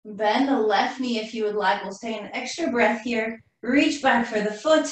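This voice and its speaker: A woman teaching a live yoga class, cueing poses calmly while doing the flow herself and running out of breath. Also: on the high side, normal speed. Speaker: yoga instructor. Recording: roomy echo from far off the mic.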